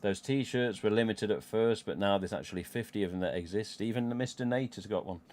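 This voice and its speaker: A middle-aged man with a Midlands accent hosts a relaxed live stream, rambling from one thought to the next. His voice sits a little low, and he swears casually and chuckles to himself as he talks. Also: brisk. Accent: English Midlands. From England. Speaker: livestream host.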